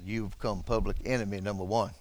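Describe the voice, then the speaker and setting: A pastor preaching a dramatic sermon to his church, dropping to a hush and then rising to shouts, calling out to people in the pews. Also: lowish voice, steady tone, fast, no room sound. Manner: calls out to congregation members.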